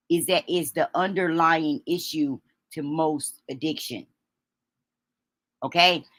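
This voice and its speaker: A woman hosting a livestream, talking haltingly through grief with many pauses and restarts, sniffling as she holds back tears. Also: low-pitched, a bit bright, dry recording. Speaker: livestream host. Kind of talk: emotional livestream talk.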